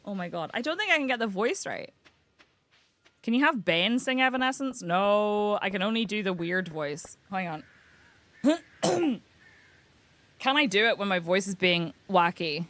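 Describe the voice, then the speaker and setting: A woman's voice: mid-range voice, lively intonation, measured pace, pauses often, fairly bright tone. A young British woman chatting casually and giggling as she streams a farming game. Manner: giggly, chatty, self-mocking. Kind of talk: casual game livestream chat.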